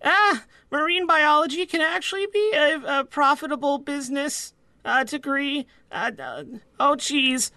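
A man's voice: very high voice, animated, measured pace, pushed and bright, no room sound, pitched above the performer's own voice, exaggerated voice. A man voicing a gangly, nervous young male first mate who stammers and hesitates, in a tabletop game.

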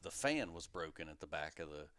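A man in his thirties telling a story on a podcast in casual chat, animated and acting out the voices of the people in it. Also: very deep voice, brisk, dry recording, clean studio sound. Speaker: podcast guest.

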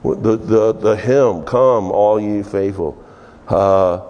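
Pastor, middle-aged man, animated storytelling sermon, reverberant church hall. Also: on the low side, slow, muffled recording. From Texas. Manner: animated storyteller, chuckling, acting out voices. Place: church sanctuary.

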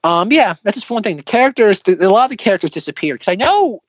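Man, casual chat, rambling, fillers, slightly high, dry dull sound. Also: big pitch swings, fast, no echo. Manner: rambling, filler-heavy, enthusiastic.

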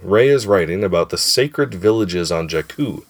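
A man's voice: deep voice, animated, normal speed. A man hosting a podcast in casual chat, thinking aloud and hedging as he circles back on his ideas. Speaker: podcast host.

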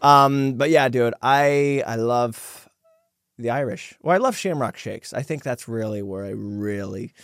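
A man's voice: medium pitch, unhurried, a bit bright, clean tone, no room sound, studio quality. A young man hosting a podcast, chatting casually in a goofy, joking, rambling way. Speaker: podcast host.

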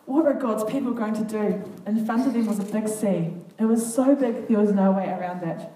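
A woman reading a children's Bible story aloud to a group, with earnest, expressive comments between passages. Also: mid-range voice, moderate pace. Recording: echoey room, far from the mic, faint noise.

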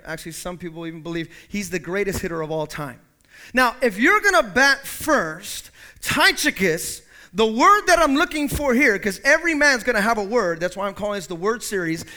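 A man preaching from the pulpit of a church, his voice pitched very high and strikingly bright. He drops to quiet, conversational asides and then climbs to shouted, emphatic peaks. It is a lively pastor's sermon delivery.

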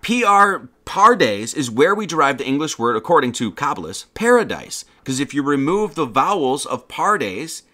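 A man's voice: fairly high pitch, sing-song, moderate pace, hardly any pauses, pushed and bright. A man hosting a livestream, giving a casual lecture in a mocking, slangy way. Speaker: livestream host.

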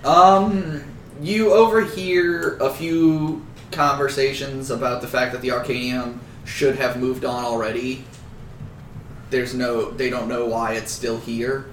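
A man's voice: medium pitch, little pitch movement, slow pace. Man, game master, casual, joking, echoey room, faint background noise. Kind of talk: narrating a tabletop game. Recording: roomy, distant shared mic.

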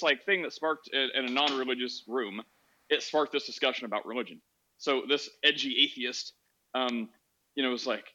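A man's voice: a little high, bright, forceful tone, highs cut off. A man hosting a podcast, telling a story in a sarcastic, laughing, casual way on a social audio app. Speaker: podcast host.

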